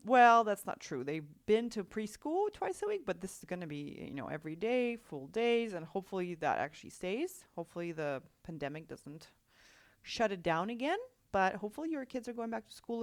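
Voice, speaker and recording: A woman's voice: on the low side, no room sound. Chatty woman, dry mic. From Russia. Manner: chatty, with many restarts and rhetorical "right?". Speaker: podcast host and life coach. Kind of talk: solo podcast talk.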